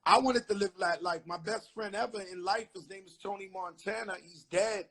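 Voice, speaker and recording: A middle-aged man hosting an interview, telling animated stories full of street slang. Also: sits high, moderate pace. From the Bronx, New York. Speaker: host. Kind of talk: casual interview chat.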